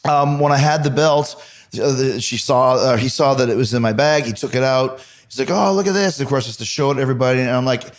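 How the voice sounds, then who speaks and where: A man hosting a podcast, telling lively anecdotes in casual chat, swearing now and then. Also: medium pitch, fast talker. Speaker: podcast host.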